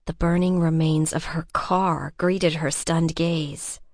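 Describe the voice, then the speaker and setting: A woman narrating a suspense audiobook in a measured, scripted style. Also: little pitch movement, no echo, studio quality. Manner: measured, voices characters with shifts in pitch.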